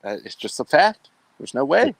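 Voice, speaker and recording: A man's voice: a little high, big pitch swings, normal speed, gravelly, breathy edge. A man hosting a casual sports talk show, wry and laid-back as he wraps things up. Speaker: host.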